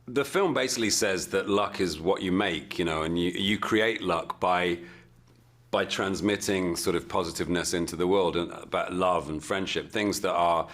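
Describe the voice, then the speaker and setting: Casting: low-pitched English actor in an interview, restarts and fillers, casual. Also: male voice, a bit bright. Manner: halting, repeats words and fillers as he thinks.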